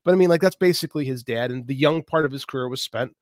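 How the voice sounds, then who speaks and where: A man co-hosting a podcast, talking casually about wrestling in an animated way, catching and correcting himself and swearing now and then. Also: medium pitch, fast, no echo, clean studio sound. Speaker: podcast co-host.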